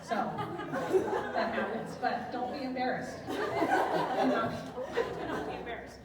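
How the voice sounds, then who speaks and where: A woman's voice: fairly high pitch, steady tone, measured pace. A woman doing a stand-up comedy set, telling bawdy, self-mocking stories to a live audience. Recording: echoey hall, distant mic, noisy crowd. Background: audience laughter.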